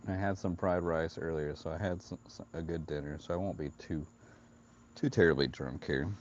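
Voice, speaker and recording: A man's voice: very deep voice, moderate pace, darkish tone, lo-fi sound. A man with a Southern California accent, live-streaming his trading while a few beers in, loose and joking as he chats with viewers. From Florida, US. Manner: loose, joking, chatty with viewers, laughs often. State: a few beers in, slightly tipsy. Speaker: live-stream futures trader. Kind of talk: casual live-stream chat.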